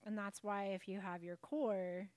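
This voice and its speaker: A woman's voice: mid-range voice, little pitch movement, unhurried, dry recording. Earnest, encouraging woman. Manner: earnest, encouraging, warm laughter. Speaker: podcast co-host. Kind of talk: casual faith-based chat.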